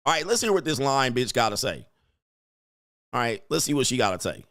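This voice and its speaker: A man in the middle of his range, reacting to clips in a blunt, emphatic and profane way. His delivery is forceful and repetitive. The sound is dry and close, with no room echo. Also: mid-range voice, big pitch swings, fairly quick. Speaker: commentary host and coach. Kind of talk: reaction commentary.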